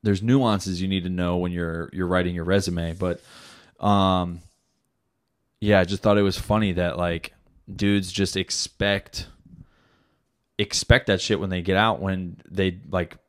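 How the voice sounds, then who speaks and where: A man's voice: low voice, fairly even intonation, a little slow. A man hosting a podcast, chatting casually and rambling with lots of swearing and filler. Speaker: podcast host. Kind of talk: casual chat.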